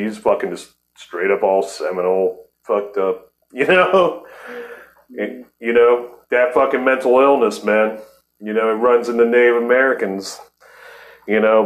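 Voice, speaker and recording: A podcast host in his forties talks in a heated, profane casual chat, laughing often. His mid-range voice sounds reverberant.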